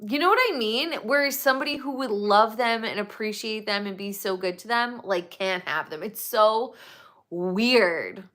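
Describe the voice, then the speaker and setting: A woman's voice: mid-range voice, measured pace, a bit bright. A woman hosting her own livestream, talking in a rambling, opinionated casual chat and filling her talk with "like". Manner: rambling and opinionated, full of "like" fillers. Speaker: livestream host.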